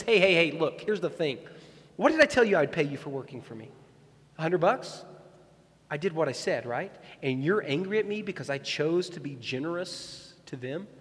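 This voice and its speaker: High-voiced animated male preacher. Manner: animated, acts out quoted voices, repeats key phrases. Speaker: pastor. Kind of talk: sermon. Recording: long hall reverb.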